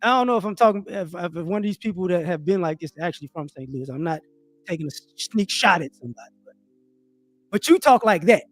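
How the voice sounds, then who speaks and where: A man's voice: high-pitched, expressive, quick pace, faint music behind. A man ranting on a livestream, stressing his points, repeating words, and now and then slipping into mocking voices. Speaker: livestream commentator. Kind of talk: opinionated livestream rant. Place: home livestream setup.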